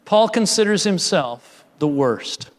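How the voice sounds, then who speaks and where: Male pastor, high voice, slow deliberate sermon delivery, earnest with emphatic peaks. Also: expressive, big-room sound. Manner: earnest, rising to emphatic peaks then dropping soft.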